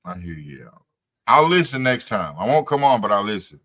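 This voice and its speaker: A man's voice: on the low side, big pitch swings, a little fast, fairly bright tone. A man co-hosting a podcast, chatting casually and profanely, retelling stories with quoted reactions. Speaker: podcast co-host. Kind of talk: casual late-night chat.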